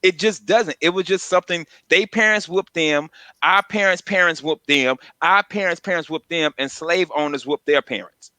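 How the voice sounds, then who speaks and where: A middle-aged man co-hosting a radio comedy show, chatting casually and telling animated stories, sometimes mimicking his mother in a high voice. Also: normal speed, no echo. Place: radio studio.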